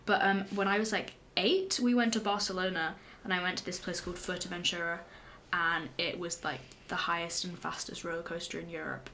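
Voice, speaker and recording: A young woman, co-hosting a casual chat podcast, often pausing to search for words. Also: on the low side, a little hiss or hum. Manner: relaxed, hesitant, trails off searching for words. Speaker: podcast co-host.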